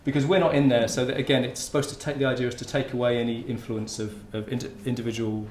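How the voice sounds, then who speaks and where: A man's voice: mid-range voice, level tone, quick pace, a little mellow, slight background noise. A man from Hertfordshire giving an informal conference talk, often restarting his sentences. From Hertfordshire, England. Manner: informal, with many restarts and fillers. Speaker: university researcher giving a talk. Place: lecture room. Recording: roomy lecture-room sound.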